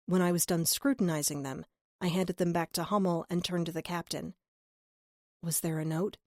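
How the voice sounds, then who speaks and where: A woman narrating a first-person crime audiobook in a measured, earnest way on a close studio mic. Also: lowish voice, steady tone, no echo.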